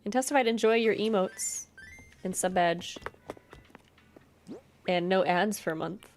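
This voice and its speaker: A woman streamer chatting casually while playing a game, excitable and full of "like" and quick reactions. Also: mid-range voice, slight background noise. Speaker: live streamer.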